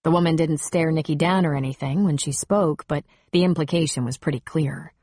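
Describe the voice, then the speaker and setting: A woman narrating an audiobook in a steady, wry storytelling manner on a close studio mic. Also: sits low, brisk, slightly rough, dry recording.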